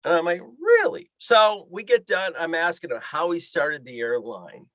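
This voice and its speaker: A man's voice: fairly high pitch, animated, normal speed, fairly bright tone, dry recording. A man telling a story as a podcast guest, acting out the voices in the dialogue he quotes. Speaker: guest, pilot and fishing guide. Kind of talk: animated storytelling.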